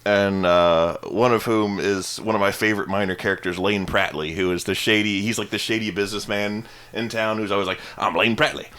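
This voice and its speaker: A man's voice: fairly low pitch, fairly even intonation, brisk, hardly any pauses, a bit bright, clean tone. A man co-hosting a podcast, chatting casually and laughing as he recalls cartoon scenes. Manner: laughs often, quotes cartoon characters in funny voices. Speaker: podcast co-host. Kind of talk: casual chat.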